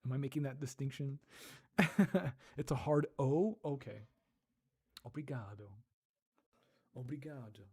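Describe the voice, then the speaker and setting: A man's voice: medium pitch, unhurried, darkish tone, breathy edge. A man casually chatting on a livestream, reading chat, laughing often and repeating words as he tries out pronunciations. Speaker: streamer reading live chat.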